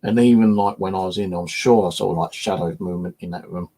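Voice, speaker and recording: A fairly quick, warm-toned man from England, a paranormal investigator who hosts a channel, shares a personal story in a meandering style heavy with "you know" fillers and swearing. His voice is low and gravelly, husky and slightly rough.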